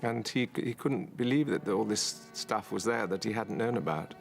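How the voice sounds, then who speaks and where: An older man in a documentary interview, fondly recalling an old friend in a halting way, laughing now and then. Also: lowish voice, gravelly, faint music behind. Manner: halting, fond, laughs often.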